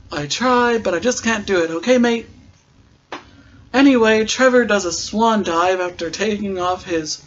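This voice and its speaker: High-pitched guy doing a jokey rambly episode recap podcast, kinda muffled lo-fi audio. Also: a bit bright, a little hiss or hum. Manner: chatty, joking, rambling asides.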